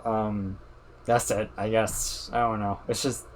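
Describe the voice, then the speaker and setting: A man's voice: fairly low pitch, level tone, slow pace, a little hiss or hum. A man co-hosting a podcast, telling rambling stories in casual chat, swearing and filling gaps with "like" and "um". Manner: rambling storyteller, swears, many fillers and laughs. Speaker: podcast co-host.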